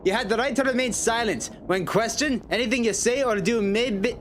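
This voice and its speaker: A man's voice: high-pitched, expressive, quick pace, a bit bright, a little hiss or hum. A man voicing an eager, bumbling police sidekick in a game, in a put-on accent, stumbling over words.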